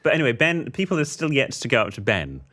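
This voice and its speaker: A man co-hosting a podcast in easy, casual chat. His pitch swings a lot as he tells stories, and he slips into other people's voices along the way. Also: quick pace. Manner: animated storyteller, doing voices in anecdotes. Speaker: podcast co-host.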